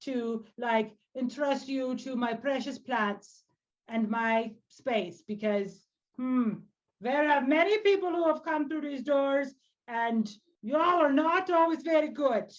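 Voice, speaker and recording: A woman's voice: high-pitched, takes it slowly, lo-fi sound, pitched above the performer's own voice. A woman voicing a grizzled, suspicious old bearfolk herbalist who is hard of hearing and talks bluntly.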